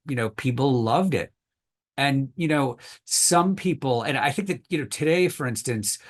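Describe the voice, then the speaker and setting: A male historian being interviewed on a podcast, explaining thoughtfully with many hedges and fillers. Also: medium pitch. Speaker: historian guest.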